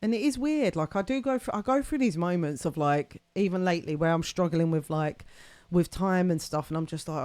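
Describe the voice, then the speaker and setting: A woman's voice: fairly low pitch, brisk, a little mellow, no room sound. A woman hosting a live stream, chatting casually and rambling with lots of fillers and laughter. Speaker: livestream host.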